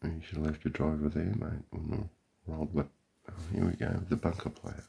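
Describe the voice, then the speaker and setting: A man's voice: a bass voice, level tone, fairly quick, gravelly, mellow, husky. An Australian man giving a sarcastic, profane running commentary outdoors beside a golf green. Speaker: vlogger.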